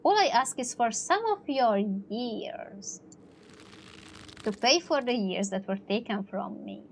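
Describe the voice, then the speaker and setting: A woman's voice: fairly high pitch, expressive, slow, slight background noise. A woman reading as a vengeful male ghost. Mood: grave. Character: vengeful old male ghost demanding years of life.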